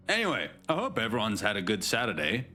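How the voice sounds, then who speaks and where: A man's voice: fairly low pitch, vocal fry, sharp tone. A man live-streaming, chatting casually and jokingly with his chat, with many restarts.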